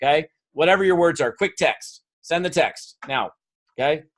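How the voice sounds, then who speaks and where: A man's voice: on the high side, animated, normal speed, a bit bright. A man speaking live to an audience as a motivational speaker, coaxing them through an exercise and telling stories with acted quotes. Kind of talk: live seminar talk to an audience.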